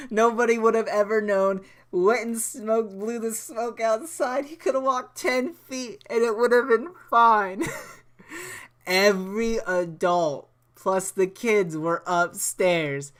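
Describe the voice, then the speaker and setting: Laid-back young man with a smooth voice. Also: sits high, steady tone, measured pace, fairly bright tone. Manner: laid-back, swears freely, laughs often; rambling with frequent restarts. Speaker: gaming channel host. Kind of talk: casual storytelling over gameplay.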